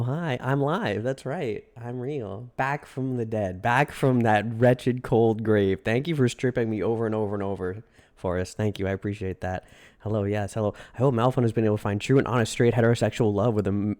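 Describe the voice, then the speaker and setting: A man's voice: mid-range voice, a little mellow. A man livestreaming and chatting casually with viewers, greeting them in singsong runs and joking in a dramatic, self-mocking way. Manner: repeats greetings in a singsong run. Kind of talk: casual chat with live viewers.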